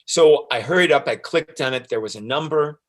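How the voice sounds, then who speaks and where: A man with a medium-pitched voice, talking a bit fast, recounts his time as an interview guest. He tells it in a lively, casual way, acting out the conversation and laughing a lot.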